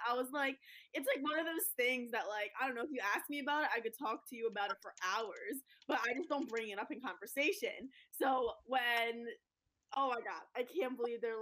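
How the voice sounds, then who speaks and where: A woman's voice: fairly high pitch, normal speed, fairly bright tone. A woman guesting on a podcast, chatting casually and gushing with enthusiasm, full of "like". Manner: gushing, breathless enthusiasm, lots of "like". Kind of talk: casual chat.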